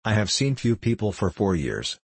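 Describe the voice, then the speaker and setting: A proud, abrupt recluse speaks in hot, rapid bursts, as a man reading the book puts him on. The voice is deep and husky, with a close, dry sound. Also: sing-song, no echo, heavily acted. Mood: heated.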